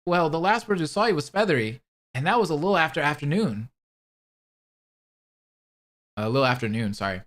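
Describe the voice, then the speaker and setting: A man's voice: fairly high pitch, animated, fairly quick, long pauses, a bit bright. A man voicing a worried, polite male character, earnest and apologetic, as he reads a story aloud.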